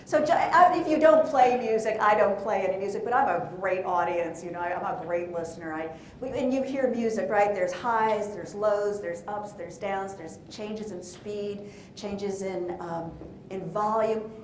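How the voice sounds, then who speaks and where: Woman, workshop presenter, lively and playful, asks the crowd questions, echoey room, faint rumble. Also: moderate pace, few pauses. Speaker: presentation coach. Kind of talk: live conference workshop talk. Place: conference room with an audience.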